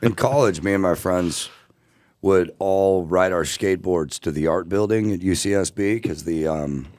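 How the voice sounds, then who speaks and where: A deep-voiced man sharing loose, rambling stories on a casual podcast. He sounds close and dry, with no room around him. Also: moderate pace, darkish tone, no echo. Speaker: podcast co-host. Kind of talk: casual storytelling.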